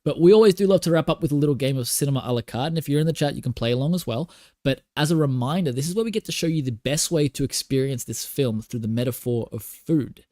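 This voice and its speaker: A man with an Australian accent, co-hosting a film podcast in a relaxed, agreeable way. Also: mid-range voice, fast, dry recording, studio quality. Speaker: podcast co-host. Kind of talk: casual chat.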